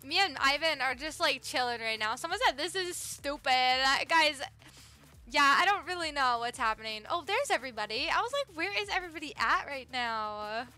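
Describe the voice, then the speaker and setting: A woman's voice: high-pitched, expressive, moderate pace, sharp tone, soft background music. A young woman live-streaming a video game, bubbly and chatty, greeting viewers by name and reacting to the game with gasps. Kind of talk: live gaming stream chat.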